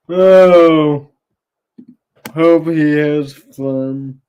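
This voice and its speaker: High-voiced man hosting a playful livestream. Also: a little mellow, clear, resonant tone. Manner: playful, teasing, sing-song. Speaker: host of a Bible reading livestream. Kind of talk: casual livestream chat with viewers.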